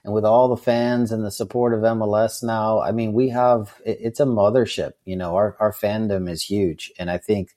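A man's voice: lowish voice, steady tone, normal speed, few pauses, warm tone. A middle-aged man, a soccer coach co-hosting, talking eagerly and repeating words as he goes. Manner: enthusiastic, repeats words as he talks. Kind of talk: casual chat.

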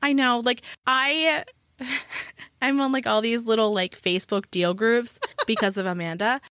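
Podcast co-host, woman, bright and lively storyteller, dry close-mic sound. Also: fairly high pitch, a little slow, no echo. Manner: animated rambling storyteller, filler-heavy, laughs often. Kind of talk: casual chat.

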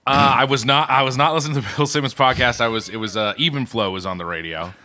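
A man's voice: medium pitch, fast talker, sharp tone. A man co-hosting a podcast, trading jokes and mock-offended comebacks in casual banter. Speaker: podcast co-host. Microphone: remote recording setup.

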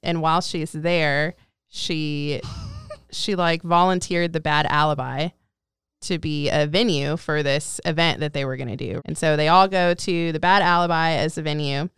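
A woman's voice: deep voice, steady tone, normal speed, fairly bright tone, clear, resonant tone, dry recording, clean studio sound. A woman co-hosting a casual podcast, chatty and explaining at length with frequent laughs. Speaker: co-host.

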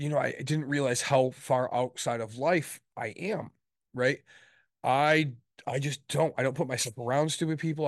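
A man's voice: medium pitch, no room sound, clean studio sound. A congested man co-hosting a podcast, rambling casually, laughing and tagging lines with "right?". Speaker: podcast co-host. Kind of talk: casual chat.

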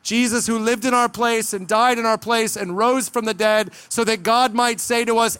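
A man with a high, smooth, resonant voice delivers an earnest sermon. He preaches with emphasis, sometimes slipping into quick dramatized asides. The sound is dry and close. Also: steady tone, a bit bright, dry recording. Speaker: pastor.

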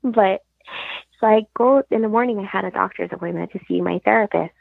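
This woman's medium-pitched voice is creaky and husky, and she talks fairly quickly. Calling in as a guest on a tinny, dry phone line with no room sound, she earnestly shares her personal story and repeats the conversations it involved.

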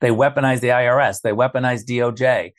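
A man makes his case as a guest on a political talk show. He talks forcefully, leans on repetition to drive points home, and his voice sits at an ordinary middle pitch. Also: fairly even intonation, fast. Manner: forceful, emphatic, repeats key phrases.

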